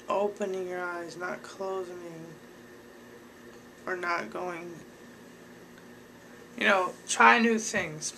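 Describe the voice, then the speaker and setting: Slow-talking young man with a bright voice. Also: high-pitched, slight background noise, rough recording. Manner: rambling, filler-heavy, talks to viewers directly. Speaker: vlogger giving advice. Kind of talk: casual advice vlog.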